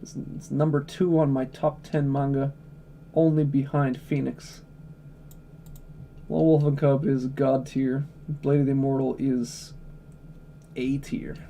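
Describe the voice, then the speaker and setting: A man's voice: mid-range voice, level tone, unhurried, creaky, pauses often, dark tone, a little hiss or hum. A man chatting casually on a livestream, blunt, opinionated and profane, answering chat questions.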